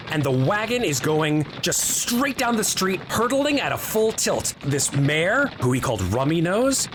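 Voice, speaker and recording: A man's voice: a little high, background noise. A man acting as game master, narrating a tabletop game in vivid, descriptive storytelling.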